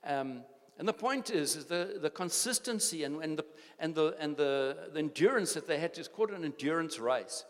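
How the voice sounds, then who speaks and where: South African older pastor in a reverberant hall. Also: male voice, a little high, animated, normal speed. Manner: exhorting, repeats phrases, many restarts. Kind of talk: sermon. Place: church hall.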